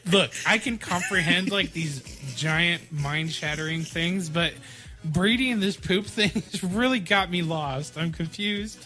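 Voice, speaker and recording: A man's voice: high-pitched, a little slow, pushed and bright, faint music behind. A man co-hosting a podcast in casual chat, joking and laughing often. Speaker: podcast co-host.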